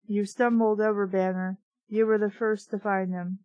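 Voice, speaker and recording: A woman reading the lines of a gruff, bossy middle-aged man in a book, in a brusque, matter-of-fact way, with a dry sound. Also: high-pitched, flat delivery, moderate pace, no room sound, lo-fi sound, close to an everyday voice.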